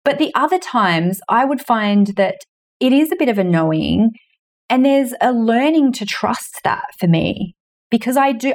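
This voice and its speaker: A woman in her forties, a guest on a podcast, telling anecdotes casually and acting out the voices she quotes. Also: darkish tone. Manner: storytelling, acting out quoted voices with big pitch jumps. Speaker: guest, money mentor and author.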